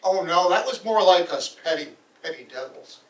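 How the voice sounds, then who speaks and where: Man playing a boastful demon, fairly high voice, echoing room, distant. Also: animated, normal speed. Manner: chatty, boastful about hell's torments. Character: boastful male demon from hell. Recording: roomy hall, voice from far off.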